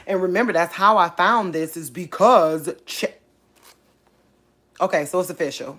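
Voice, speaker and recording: A woman, hosting a casual faith channel, talking excitedly and thinking aloud, repeating herself as she works things out. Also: fairly low pitch, normal speed, long pauses. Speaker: online faith channel host. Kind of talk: casual livestream talk.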